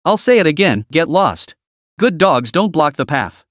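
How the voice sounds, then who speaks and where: A cold, self-assured young man delivers curt, icy threats, read by a male narrator. The voice sits fairly high and lively, recorded dry and close. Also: measured pace, no echo.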